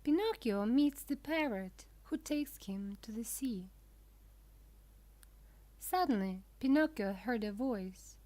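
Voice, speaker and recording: A woman narrating a children's storybook for English learners, with clear, deliberate, simple phrasing. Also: fairly high pitch, lively intonation, a little mellow.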